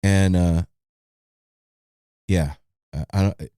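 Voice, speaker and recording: A man hosting a podcast in casual chat, talking in a relaxed, easygoing way. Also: low voice, very slow, smooth, no room sound, studio quality. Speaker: podcast host.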